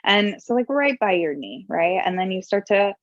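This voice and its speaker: A woman leading a gentle yoga class, giving calm, soothing cues about breath and posture. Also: medium pitch, moderate pace, dry recording, lo-fi sound. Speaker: yoga instructor. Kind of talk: guided yoga class instruction.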